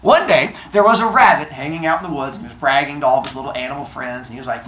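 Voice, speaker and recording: A woman's voice: extremely low pitch, very fast, hardly any pauses, a bit bright, slight background noise. A woman teacher telling a class a story in a playful, joking way, in a classroom. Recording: echoey classroom.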